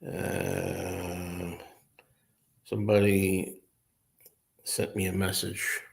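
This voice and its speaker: A man's voice: low-pitched, level tone, very slow, vocal fry. A man hosting a casual livestream, chatting and answering viewer comments as they come in. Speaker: livestream host.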